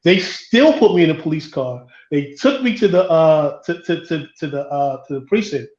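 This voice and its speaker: A man's voice: fairly high pitch, lively intonation, darkish tone. Man telling a story over a roomy, dull line. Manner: halting, repeats words while recounting. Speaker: podcast co-host. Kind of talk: storytelling in a group discussion.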